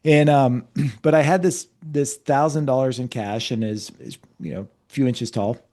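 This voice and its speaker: A man who works as a finance consultant, guesting on a podcast and telling lively anecdotes while acting out the dialogue. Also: mid-range voice, moderate pace. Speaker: fractional CFO and keynote speaker, guest. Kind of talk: storytelling in an interview.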